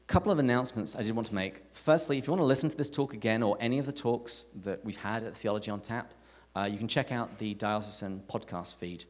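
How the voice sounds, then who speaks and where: A man with an English accent giving a live talk to an audience, telling stories with animated, self-mocking humour. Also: on the low side. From England. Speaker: speaker at a parish talk night. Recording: echoey hall reverb.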